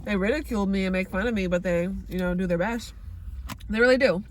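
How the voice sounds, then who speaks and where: A woman's voice: medium pitch, fast talker, a little hiss or hum. A woman in her thirties from the Bay Area, chatting casually and candidly in a vlog, swearing freely. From San Francisco Bay Area. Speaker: vegan vlogger.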